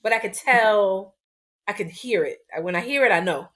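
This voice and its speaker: Lively woman podcast co-host. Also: medium pitch, normal speed. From United States. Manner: laughs often, energetic show opener. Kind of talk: casual chat. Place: lives in Florida.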